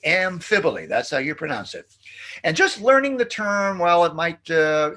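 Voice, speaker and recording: A middle-aged man giving a philosophy lecture, animated and full of fillers and restarts. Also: on the high side. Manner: acts out quoted jokes in a playful sing-song. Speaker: philosophy professor. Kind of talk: recorded lecture.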